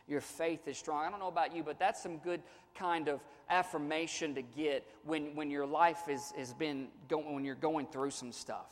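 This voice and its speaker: A man's voice: a little high, fairly even intonation, normal speed, hardly any pauses. Earnest preaching man in reverberant hall. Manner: earnest, repetitive preaching with frequent restarts. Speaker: pastor. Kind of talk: sermon.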